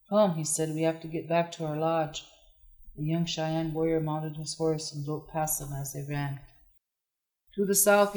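A narrator reading a historical novel aloud in a measured, even delivery. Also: medium pitch, low-quality recording. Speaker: audiobook narrator.

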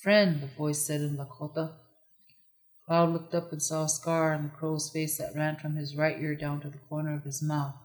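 A narrator reading a historical novel aloud in a measured, even delivery. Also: medium pitch, rough recording. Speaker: audiobook narrator.

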